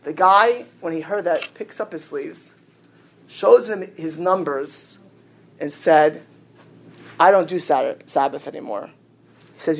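A man's voice: fairly high pitch, slow pace, vocal fry, long pauses. A man, a rabbi, giving a sermon and telling a story, acting out the characters' dialogue. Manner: animated storyteller, acts out the dialogue.

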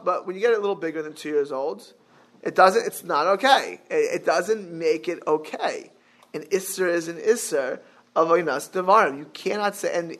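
A man's voice: fairly high pitch, creaky, a bit bright. A man giving a religious lecture as a Torah teacher, talking animatedly with many restarts and Hebrew terms, and breaking into sudden exclamations.

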